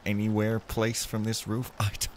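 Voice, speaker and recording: A man's voice: lowish voice, completely flat delivery, normal speed, a little hiss or hum. A man giving casual, rambling commentary while playing a stealth game, joking to himself as he goes. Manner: playful, rambling, jokey asides. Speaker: let's play gamer.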